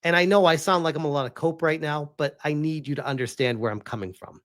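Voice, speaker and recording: A man giving a casual, animated vlog review, rambling and laughing often. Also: sits high, normal speed, few pauses. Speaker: video reviewer.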